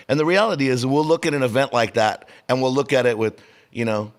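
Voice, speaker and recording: A man co-hosting a podcast in casual chat, telling stories animatedly, with his pitch rising and dropping sharply. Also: quick pace. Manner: animated storyteller, swinging pitch. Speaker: podcast co-host.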